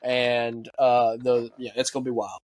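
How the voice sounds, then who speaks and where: An American man co-hosting a podcast, ranting casually and profanely, mimicking other people in quick asides. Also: mid-range voice, noisy background. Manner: profane, animated ranting with mock quoted voices. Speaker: podcast co-host. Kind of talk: casual chat.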